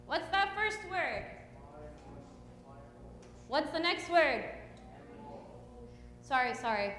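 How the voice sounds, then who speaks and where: Woman hymn teacher: high, unhurried, coaxing; echoey hall with a long reverb. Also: very animated, fairly bright tone, soft background music. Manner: patient, coaxing questions. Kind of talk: teaching a children's hymn class. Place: church hall.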